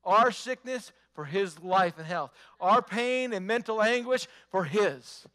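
A man delivers a sermon in a high, bright voice, driving his points home with repetition and rhetorical questions in an emphatic pastor's style. He sounds animated yet unhurried.

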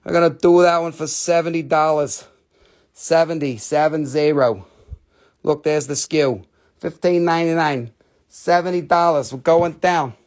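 A man's voice: fairly high pitch, a little slow, a little mellow, natural voice. A man voicing a brash New Jersey pizza guy with a New Jersey accent, wisecracking and swearing as he calls out prices. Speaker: seller.

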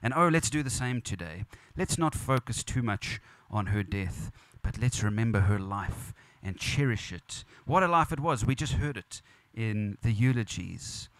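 A man's voice: lowish voice, expressive, normal speed, few pauses, no echo. A man preaching at a funeral as pastor, earnest and repetitive, building emphasis. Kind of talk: funeral sermon. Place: church or funeral venue.

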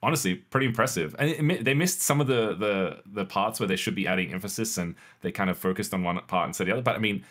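Co-host, male, low voice, relaxed conversational delivery with restarts and laughter. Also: quick pace, hardly any pauses. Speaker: podcast co-host. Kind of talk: casual tech chat.

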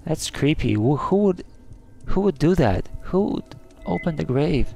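A jumpy, easily spooked man narrates his way through a scary game, gasping and crying out in alarm. His voice is gravelly with plenty of fry, and he talks at an unhurried pace. Faint game music plays behind him. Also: on the high side, very animated, dark tone. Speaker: gaming channel host. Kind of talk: let's play commentary.

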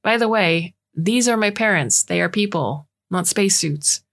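A woman's voice: fairly low pitch, moderate pace, a bit bright, voice pushed up. A woman voicing an exasperated grown son. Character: exasperated adult son, male.

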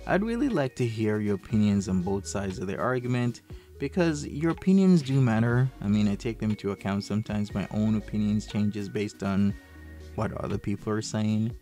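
A man's voice: on the low side, lively intonation, normal speed, warm tone, soft background music. A man hosting a commentary video, talking in an easygoing, hesitant way with frequent fillers. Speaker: commentary channel host. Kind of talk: casual commentary.

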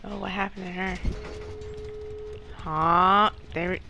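A young woman giving casual gameplay commentary to her viewers, excitable and easily frustrated. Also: lowish voice, takes it slowly, slight background noise, poor audio. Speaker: gaming channel creator.

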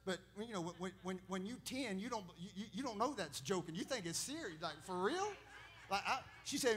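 A man preaching a sermon as pastor, telling stories with laughs and building to loud, emphatic preaching. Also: sits high, lively intonation, fairly quick.

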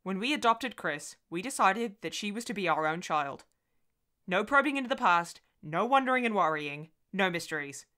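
A grown man, a protective husband, speaks in a firm, emphatic way, half teasing and half stern, as a woman reads him in a storybook reading. The voice is bright and crisp, a little low for a woman. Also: animated, normal speed.

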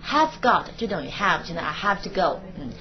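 Lady teaching english class in mandarin, reads the english bits slow, dull old recording. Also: on the low side, very animated. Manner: explains in Mandarin, reads English lines slowly. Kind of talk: classroom lecture.

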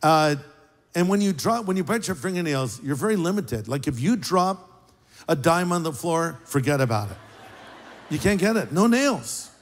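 Man, pastor, conversational sermon, joking asides, slightly high voice, long hall reverb. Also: moderate pace. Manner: conversational, joking preacher with lively pitch swings.

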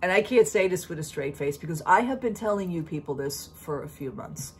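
A woman's voice: on the low side, lively intonation, fairly quick, hardly any pauses, husky. A middle-aged woman vlogging in a casual, chatty way, opinionated and full of fillers and restarts. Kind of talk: casual chat.

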